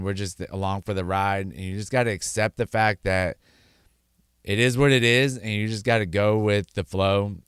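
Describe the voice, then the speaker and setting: A middle-aged man speaks in a low, smooth voice, close and dry with no room sound. He talks candidly and earnestly, rambling and restarting sentences and slipping into little acted-out quotes. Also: a bit bright, no room sound. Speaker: podcast host sharing his sobriety story. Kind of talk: candid personal monologue.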